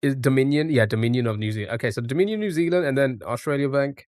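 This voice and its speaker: A man's voice: medium pitch, fast talker, a little mellow, dry recording, clean studio sound. A man streaming a guessing game, thinking aloud in a rambling way full of restarts and fillers. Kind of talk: casual live-stream commentary.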